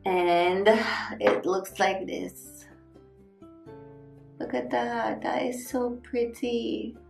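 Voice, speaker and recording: Woman, unboxing vlog, gushing, slow-paced, echoey room, faint background music. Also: on the high side, gravelly. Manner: gushing, excited, thanks repeatedly. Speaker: vlogger unboxing gifts.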